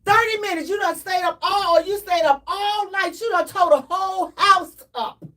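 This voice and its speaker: A high-voiced woman hosts a live call-in radio show, unhurried but animated and preachy, repeating herself and sometimes shouting. She sounds rather far from the mic.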